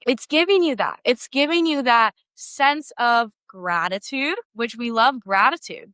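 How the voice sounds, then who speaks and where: A woman's voice: fairly high pitch, sharp tone, no room sound. A young woman hosting a solo podcast in a casual, bubbly, gushing way with lots of filler words. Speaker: podcast host.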